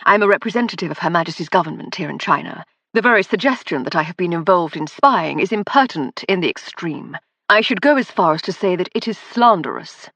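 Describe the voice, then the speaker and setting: A woman's voice: on the low side, animated, brisk, fairly bright tone, dry recording. A woman voicing an imperious, indignant British government man, pompous in manner. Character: imperious British official, man, middle-aged.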